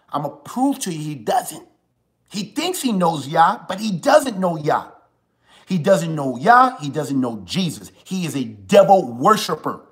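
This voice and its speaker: A man in his forties hosting a live show, delivering a preachy, impassioned monologue. He repeats his points, dropping to a hush and then rising to forceful emphasis. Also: medium pitch. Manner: preachy, swings from hushed to forceful, repeats lines.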